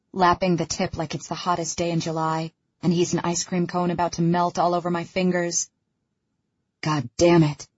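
A woman narrates a first-person audiobook in a hushed, intimate manner. Her voice is husky and sits somewhat low. The recording is dull and slightly lo-fi.

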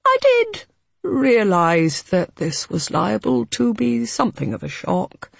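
A woman's voice: on the high side, wildly swooping pitch, slow pace, creaky, no room sound, pitched above the performer's own voice, heavily acted. A woman narrator voicing an awkward, overly polite male solicitor delivering bad news. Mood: apologetic. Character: diffident, formal male solicitor, middle-aged.

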